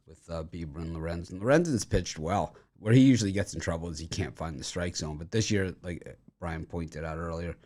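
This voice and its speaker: A man's voice: low voice, darkish tone. A man hosting a sports betting picks show, talking loosely with lots of fillers and restarts while recovering from dental surgery. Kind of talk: casual chat.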